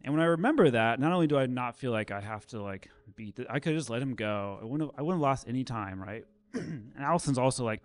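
A man at a mid-pitched voice closing out a church service. He talks in a loose, conversational way, full of "um" and "like", and tells his stories with lively energy. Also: fast. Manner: conversational, animated storytelling with fillers. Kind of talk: casual talk with a closing prayer.

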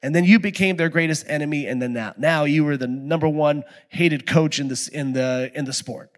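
A middle-aged man preaching a conversational sermon, moving between quiet reflection and loud, animated storytelling. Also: a little high, moderate pace. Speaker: pastor.

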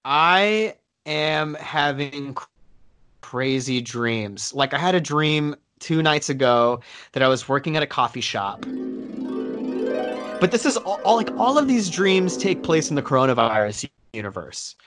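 A man's voice: fairly high pitch, expressive, measured pace, a bit bright, soft background music. A man co-hosting a casual podcast, rambling through a long story with many fillers and swearing. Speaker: podcast co-host. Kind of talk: casual chat.

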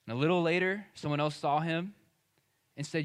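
Guy preaching, kinda high voice, chatty and emphatic. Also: steady tone, a little fast, clean tone. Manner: conversational and emphatic, acting out quoted speech. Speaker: pastor. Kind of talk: sermon.

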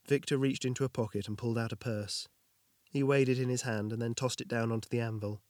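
A man narrating a story aloud in a measured, unhurried reading. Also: medium pitch, flat delivery, a little mellow, dry recording, studio quality.

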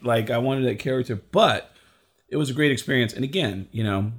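A man, a comedian and impressionist, telling a story in a casual, animated way. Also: mid-range voice, fairly quick, slight background noise. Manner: animated, acts out the voices of people in his stories.

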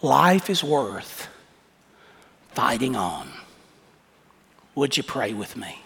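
A man's voice: medium pitch, big pitch swings, extremely slow, gravelly, long pauses, a bit bright, husky. A man preaching a sermon as pastor, with impassioned, folksy storytelling. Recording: echoey hall reverb.

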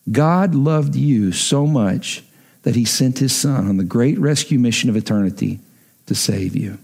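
A man's voice: mid-range voice, a little mellow. A male pastor preaching a sermon emphatically, repeating his key lines for effect.

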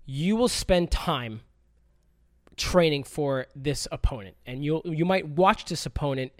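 A man on a casual podcast, swearing freely and telling stories with lively acted-out quotes. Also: on the high side, a little slow, dry recording, studio quality. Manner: profane, animated storytelling with acted quotes. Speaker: podcast guest.

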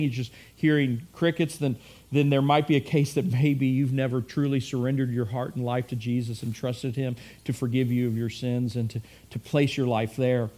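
A middle-aged man with a medium-pitched, dark voice preaches a sermon conversationally. The pastor repeats phrases and acts out the quotes he uses.

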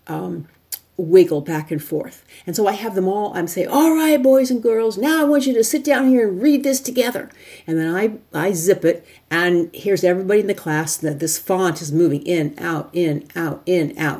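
Woman presenter, lowish mellow voice, chatty step-by-step teaching. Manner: chatty, walks listeners through an exercise step by step. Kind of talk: instructional talk.

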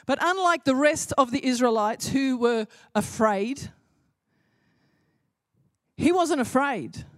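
A woman's voice: high voice, lively intonation, takes it slowly, dry recording. Impassioned woman preacher, dry close sound. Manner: impassioned, building to emphatic repetition. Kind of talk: sermon.

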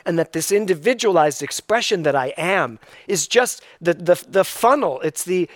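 A male minister delivers a sermon in a fairly high voice, reflective and unhurried. He circles back to key phrases again and again for emphasis. The sound is dry and close, with no room echo.

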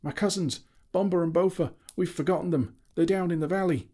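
A man voicing a panicked male dwarf who cries out in a high, strained voice. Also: fairly quick, dark tone. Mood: alarmed. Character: panicked male dwarf, anxious for his cousins. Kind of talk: audiobook character reading.

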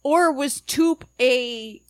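A woman's voice: high voice, extremely slow, clean tone, no room sound. Musing woman co-hosting a podcast. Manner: questioning, thinks aloud with fillers. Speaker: podcast co-host. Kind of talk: casual chat recapping a TV episode.

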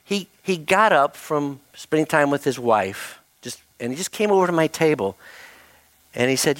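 A man's voice: on the high side, moderate pace, no room sound. Storytelling pastor, a man, dry sound. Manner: animated, self-mocking anecdote with laughs. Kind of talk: storytelling sermon.

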